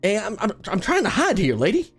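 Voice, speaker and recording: A woman's voice: medium pitch, wildly swooping pitch, a little fast, husky, full character voice. A woman voicing a tough, irreverent young dwarf girl in a put-on Southern accent, talking crude and grumbling. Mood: defensive. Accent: put-on American Southern.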